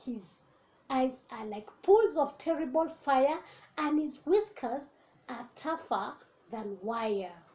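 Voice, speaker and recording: A woman teacher reading a children's storybook aloud, expressive and animated, with asides to young listeners. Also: high voice, slow pace, a little hiss or hum.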